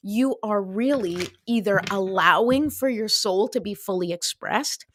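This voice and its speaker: A woman in her thirties hosting a casual motivational talk, chatty and animated, full of fillers, acting out little voices as she goes. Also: mid-range voice, measured pace, a little hiss or hum. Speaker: host.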